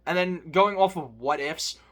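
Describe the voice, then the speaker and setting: A man's voice: sits high, measured pace, fairly bright tone. A man, a sports vlogger, ranting angrily and profanely to his viewers as a fan. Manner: angry, profane, emphatic.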